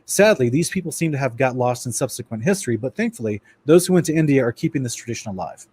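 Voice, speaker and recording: A man's voice: medium pitch, animated, quick pace, darkish tone, breathy edge, dry recording. A man giving a casual lecture-style Bible study presentation. He talks to his listeners as guys and stumbles and restarts now and then while reading passages aloud.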